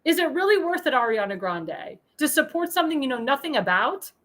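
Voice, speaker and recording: A woman hosting a political talk show, ranting in a heated monologue full of insults and bursting into angry shouts. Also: high voice, big pitch swings, a little fast, low-quality recording. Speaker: host.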